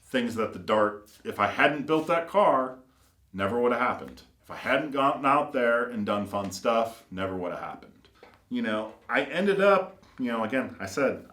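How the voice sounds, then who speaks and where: The speaker is a custom car builder running his own shop, with a lowish, fairly bright, expressive voice. He barely pauses as he rambles through casual stories at a moderate pace, using lots of fillers and performing the quoted lines. The recording carries a roomy echo.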